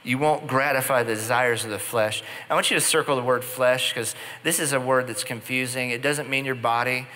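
Man, pastor, casual storytelling sermon, bright voice, big echoing hall. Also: mid-range voice, steady tone, fairly quick, hardly any pauses. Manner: conversational storytelling with playful asides. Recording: long hall reverb.

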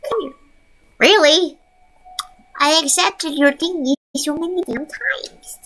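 A woman's voice: high-pitched, measured pace, fairly bright tone. A young woman streaming a casual chat, talking baby talk to her pets and cursing offhandedly.

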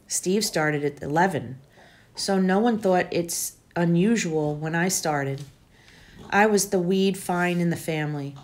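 Female teacher, lower register, reading a novel aloud to students in a plain, even delivery.

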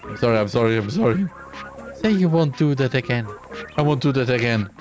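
A man's voice: medium pitch, lively intonation, brisk, over music, natural voice. A man voicing a frightened young man who stammers and pleads apologies. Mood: pleading.

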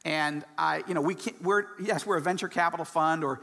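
A man giving a guest talk at a church. He is passionate and animated and often restarts his sentences. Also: a little high, fairly quick, creaky, in a large hall. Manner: excitable and animated, many restarts. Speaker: guest speaker.

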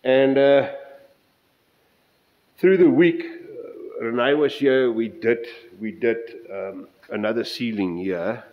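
A man's voice: medium pitch, slow, lo-fi sound. A middle-aged South African man giving a casual, rambling update on his model railway layout, often breaking off mid-sentence and counting out measurements. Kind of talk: casual workshop update vlog.

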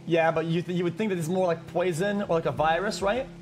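A man role-playing in a game, rambling and deadpan with a trolling edge. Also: high voice, fast talker, a little hiss or hum. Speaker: gamer role-playing a character. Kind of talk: casual role-play chat.

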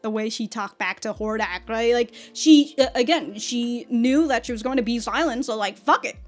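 Female reaction vlogger, casual, animated and sweary, with a slightly high voice. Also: moderate pace. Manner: swears freely, laughs often, animated storytelling. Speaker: reaction video host.

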